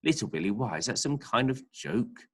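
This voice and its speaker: A man's voice: mid-range voice, animated, normal speed, gravelly, husky, voice pushed up. A man voicing a polite, quirky little male Minpin, in a quaint, exclaiming way. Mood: quaint, jolly.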